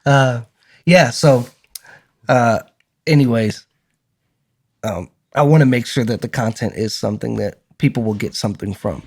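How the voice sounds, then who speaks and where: A man's voice: mid-range voice, measured pace, long pauses, husky. A man co-hosting a podcast in casual chat, talking with energy, often repeating words and laughing between points. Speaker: podcast co-host.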